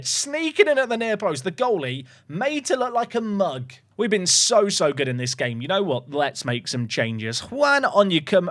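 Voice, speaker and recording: A man commentating his own game, excitable, swinging between calm talk and sudden shouts. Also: fairly high pitch. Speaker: gaming YouTuber.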